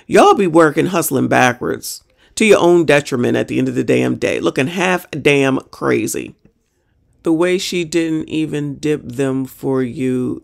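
A woman's voice: rumbling low, expressive, unhurried, creaky. A woman hosting a reaction show, ranting in a sassy, exasperated way with mild profanity. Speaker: reaction channel host. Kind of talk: reaction commentary.

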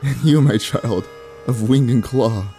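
A man voicing a cryptic, sly old female witch in game dialogue, speaking in a hushed, measured, teasing way. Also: medium pitch, soft background music, natural voice. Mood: menacing.

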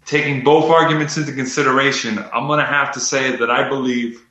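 A man's voice: mid-range voice, steady tone, fairly quick, bright, forceful tone, echoey room, highs cut off. A man co-hosting a casual wrestling predictions chat, joking and laughing often as he reads out picks. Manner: laughs often, jokey asides. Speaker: co-host reading predictions.

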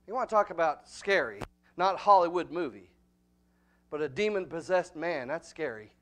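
A man preaching a sermon as pastor, often asking the congregation questions and saying "amen," dropping to quiet asides and then rising to loud, emphatic points. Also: fairly high pitch, animated, normal speed.

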